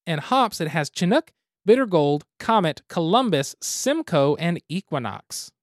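A man's voice: on the high side, very animated, a little slow, no echo, studio quality. Easygoing man reviewing on a podcast. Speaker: podcast host. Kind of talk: casual podcast chat, beer and game review.

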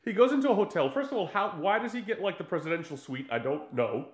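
Animated man in an echoey room. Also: sits high, fast talker. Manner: animated, laughing, swearing, acts out scenes. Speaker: podcast co-host. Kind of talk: casual film chat.

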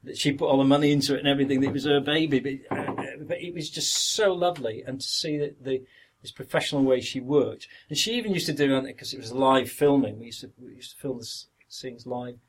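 Speaking fast with few pauses in a medium-pitched voice, an older Yorkshire actor reminisces as a podcast guest in a rough recording. His interview anecdotes ramble, repeat words, and occasionally act out what others said, and his accent is from northern England.

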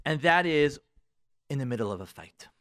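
A man's voice: medium pitch, expressive, normal speed, fairly bright tone, no room sound, studio quality. A man giving marriage advice on a radio talk show, preaching with rhetorical questions and repetition. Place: radio studio.

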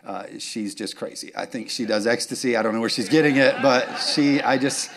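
A man's voice: mid-range voice, moderate pace, gravelly, a crowd in the background. A man, preaching a sermon as pastor, joking and chatty, then rising to fervent urging.

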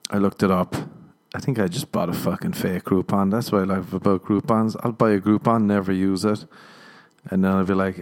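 Irish male podcaster, lowish voice, loose self-mocking comic rambling. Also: steady tone, a little fast, a little mellow. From Ireland. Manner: rambling, self-mocking storytelling with acted-out dialogue. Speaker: podcast host. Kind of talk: comedic solo podcast monologue.

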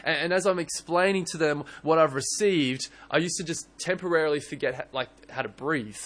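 A young man preaching a sermon in church, earnest and animated, often restarting his words. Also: a little high, brisk. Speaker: pastor.

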